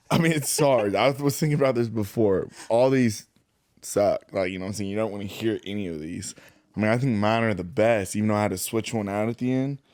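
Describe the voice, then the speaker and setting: A man's voice: fairly low pitch, fairly quick, a little mellow, no room sound. Man, casual podcast talk, laughs a lot, dry sound. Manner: laughs often, chatty.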